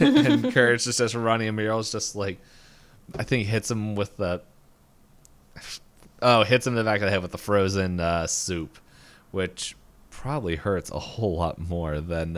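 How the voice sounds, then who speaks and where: A man co-hosting a podcast, casually retelling a cartoon episode in a rambling way and acting out quick lines. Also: on the low side. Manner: rambling, animated retelling with quick voiced quotes. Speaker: podcast co-host. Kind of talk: casual recap chat.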